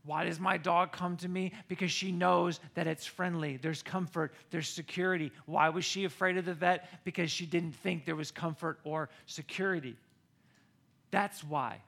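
A middle-aged American man preaching a sermon, telling a personal story with animated, excited bursts. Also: sits high, moderate pace, creaky. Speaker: pastor.

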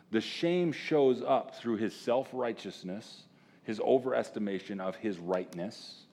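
Guy preaching to a room full of men, gets loud then drops to a hush, does little voices for the people in the story. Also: mid-range voice. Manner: animated, jumping between loud exclamations and hushed asides; acts out quoted characters in voices. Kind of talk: sermon. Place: room with a live audience of men.

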